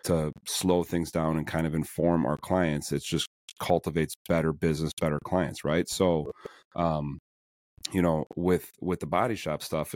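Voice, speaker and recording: A man hosting a podcast in casual interview chat, animated and full of fillers and restarts. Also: extremely low pitch, no echo, studio quality. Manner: animated, many fillers and restarts, acts out quoted people. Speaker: podcast host.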